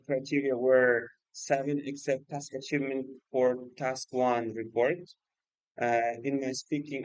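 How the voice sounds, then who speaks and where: A man's voice: mid-range voice, smooth, no echo, highs cut off. A man hosting a casual livestream, speaking hesitantly with many fillers and restarts. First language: Uzbek. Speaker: livestream host and exam student.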